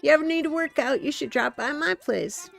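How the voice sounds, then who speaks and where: A woman's voice: high-pitched, fairly quick, gravelly, pitched above the performer's own voice. A woman reading aloud the lines of a pumped-up male jock animal villager from a cozy life-sim game. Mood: excited. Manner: hearty, sporty, says "yo, dude".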